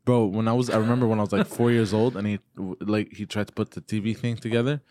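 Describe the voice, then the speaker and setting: A man's voice: on the low side, quick pace, a little hiss or hum. A man from a Greek family on a comedy podcast, telling rambling stories and defending himself. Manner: lively, rambling, defensive storyteller. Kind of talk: casual comedic banter.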